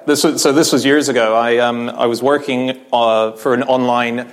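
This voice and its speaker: A man telling stories as a guest on a live podcast in front of an audience, animated, acting out quoted people and laughing as he goes. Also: medium pitch, normal speed. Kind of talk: live on-stage conversation, anecdotes.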